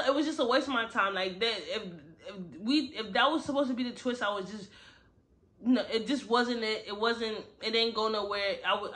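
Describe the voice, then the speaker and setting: Blunt, animated woman reviewing a book. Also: fairly high pitch. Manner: animated, blunt, slangy storytelling with frequent asides. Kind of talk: casual book review recap.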